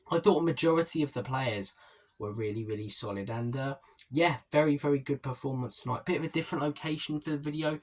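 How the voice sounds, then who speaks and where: A man's voice: mid-range voice, slightly rough. A young man hosting a football fan channel, talking through a post-match reaction in a chatty, opinionated way and often repeating himself. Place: holiday stay by the sea.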